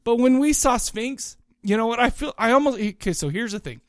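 A middle-aged man co-hosting a podcast in casual chat, rambling and excitable, often restarting his sentences. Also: extremely high pitch, brisk, no echo, clean studio sound. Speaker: podcast co-host.

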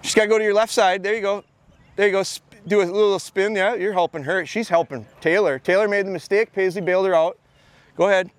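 A man's voice: sits high, fairly even intonation, fast, no room sound. A man in his thirties teaching a dog training class outdoors on a mowed field, coaching handlers and often repeating his words as he gives instructions.

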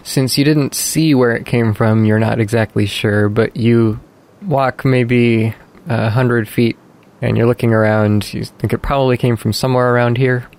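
A man narrating calmly and descriptively as game master of a tabletop game. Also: on the low side, vocal fry.

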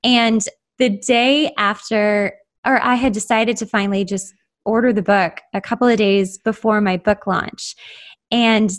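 A woman guest, a writer and life coach, talking in a casual interview with lively storytelling and a slightly rough voice today. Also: mid-range voice, a little slow. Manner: animated storytelling with quoted inner voices.

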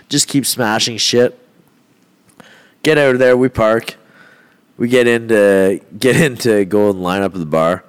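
A man's voice: mid-range voice, animated, normal speed. A man who is a fighter, guesting on a podcast and telling a rowdy, profane story in a casual way, laughing often.

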